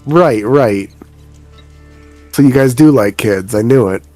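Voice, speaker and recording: A man's voice: medium pitch, slow, warm tone, faint music behind. A man running a tabletop game as game master, joking and swearing, narrating what characters do. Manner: profane, joking, exasperated rants.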